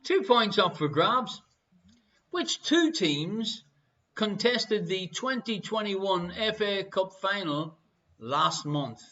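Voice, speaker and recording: High-voiced Irish quiz host. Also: male voice, animated, sharp tone, lo-fi sound. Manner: playful, repeats each question slowly. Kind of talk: live online quiz hosting.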